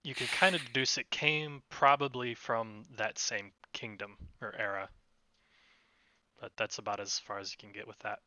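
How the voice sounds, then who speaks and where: A man narrating as game master of a tabletop role-playing game, relaxed and hesitant, with many fillers. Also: fairly low pitch, normal speed, no room sound, poor audio.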